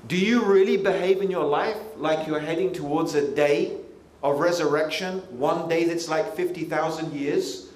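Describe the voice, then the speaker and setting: A man from the United Kingdom preaching a lively, conversational sermon to young people, full of asides. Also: fairly high pitch, moderate pace. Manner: animated, conversational, frequent asides. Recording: echoey hall, faint ambient noise.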